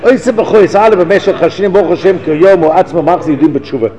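A man teaching a Torah class to an audience, reading Hebrew passages and translating them, acting out the dialogue in animated bursts. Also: sits high, racing, long reverb tail, muffled recording. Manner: animated, reads Hebrew text then translates, acts out dialogue. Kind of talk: Torah lecture.

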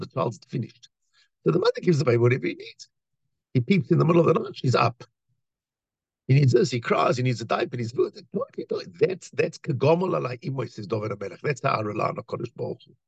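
A man giving a lively Torah talk, telling a story and acting out the voices of its people. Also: medium pitch, creaky, breathy edge, no room sound, muffled recording. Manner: animated storyteller, acts out voices, many restarts. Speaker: rabbi.

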